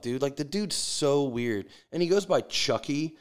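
A man's voice: on the high side, animated, measured pace, clear, resonant tone. A man delivering a profane, sarcastic sports rant with mocking asides.

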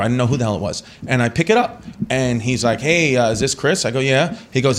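A man's voice: mid-range voice, fairly quick, noisy background. A man in his thirties, a comedian guest, telling rambling, profane stories in casual podcast talk. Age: 30s. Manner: animated, profane, rambling anecdotes.

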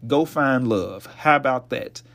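A young man talks straight into his own podcast, slightly hoarse as he hands out blunt, profane advice. He sounds preachy but casual, his voice sitting at an ordinary middle pitch. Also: unhurried, fairly bright tone. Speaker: podcast host.

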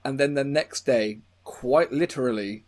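A man's voice: mid-range voice, unhurried. A young British man hosting a casual chat, telling stories in a rambling way and laughing often. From United Kingdom. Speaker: podcast host.

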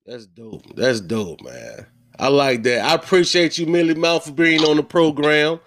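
Guy hosting a podcast, chill and slangy, kinda high voice, dry close sound. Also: expressive, unhurried, a bit bright, no echo. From Virginia, USA. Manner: laid-back, slangy, repeats phrases. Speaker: podcast host. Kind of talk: casual interview chat.

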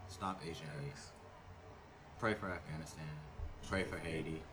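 A young man with a deep, low voice chats easily on a stream. He talks in a laid-back, slangy way. A steady noisy hum runs behind him the whole time. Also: moderate pace. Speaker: stream co-host. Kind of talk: casual chat.

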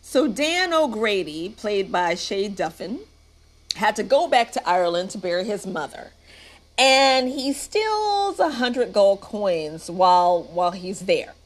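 Slow-talking woman recapping a movie. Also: mid-range voice, sing-song. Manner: sarcastic, playful. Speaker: movie reviewer.

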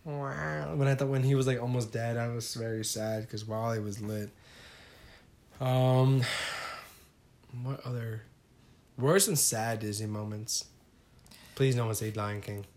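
Man chatting, halting for words. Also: medium pitch, fairly even intonation, a little mellow. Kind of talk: casual chat.

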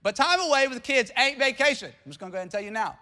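A man in his thirties preaching a sermon in a church, with lively call-and-response asides to the congregation. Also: very high voice, very fast. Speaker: pastor. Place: church sanctuary.

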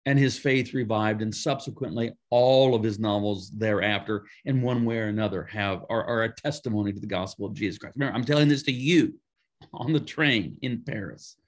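A man, a pastor and author, telling a story in a conversational interview, with lively emphatic asides. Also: lowish voice, a little fast.

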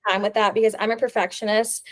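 A woman's voice: mid-range voice, level tone, racing. A young adult woman co-hosting a podcast, telling a long story in casual chat, full of "like" fillers. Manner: chatty storytelling, many "like" fillers. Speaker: podcast co-host.

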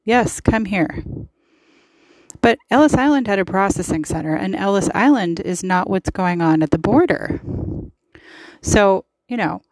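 A woman's voice: medium pitch, lively intonation, measured pace, a little mellow, no room sound, poor audio. A woman hosting a podcast, giving casual political commentary in a chatty, emphatic way with lots of fillers. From United States. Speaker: podcast host.

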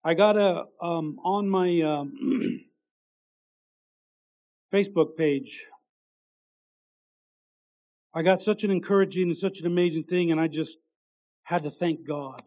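A man preaching, his voice sitting high for a man. He reads a testimony in an impassioned sermon style, swinging from loud, ringing lines down to hushed ones. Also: takes it slowly, pauses often, lo-fi sound.

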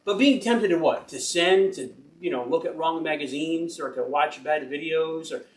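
A man preaches a loose, chatty sermon, wandering off into personal stories and laughing at himself. His voice sits a little high for a man. It sounds roomy, with echo all around, as if picked up from across a church hall. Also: moderate pace, far from the mic. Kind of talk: informal sermon. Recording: roomy and from the mic.

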